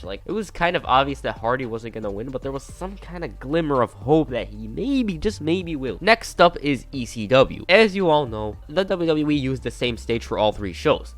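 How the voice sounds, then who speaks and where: A man narrating a wrestling recap, giving plain play-by-play with casual offhand asides. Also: medium pitch.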